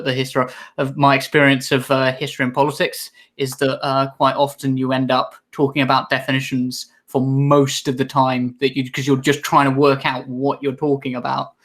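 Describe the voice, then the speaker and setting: Young male guest, very flat delivery, hesitant and halting. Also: mid-range voice. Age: young adult. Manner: hesitant, many ums and uhs, very even delivery. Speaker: guest, history student. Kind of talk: casual interview chat.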